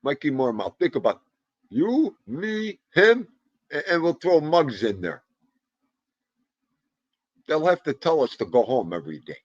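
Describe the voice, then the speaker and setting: A man's voice: fairly high pitch, sing-song, measured pace, long pauses, dry recording. A man in his fifties hosting a casual livestream, greeting viewers one by one and joking around. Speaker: livestream host. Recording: dull lo-fi livestream audio.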